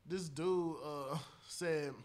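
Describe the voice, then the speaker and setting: A man's voice: on the high side, steady tone, drawn-out words, darkish tone. A young man co-hosting a casual chat, telling slangy stories and laughing often. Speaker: podcast co-host.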